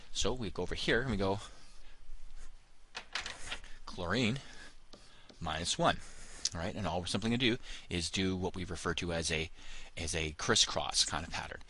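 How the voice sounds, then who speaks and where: A man's voice: low-pitched, pushed and bright, a little hiss or hum. A man teaching a chemistry lesson, explaining step by step with frequent fillers like "of course" and "all right.". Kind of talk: recorded classroom lesson.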